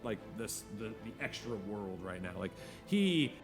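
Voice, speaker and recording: A man's voice: fairly low pitch, sing-song, measured pace, music in the background. A man narrating a tabletop game as game master in a casual, rambling way full of fillers.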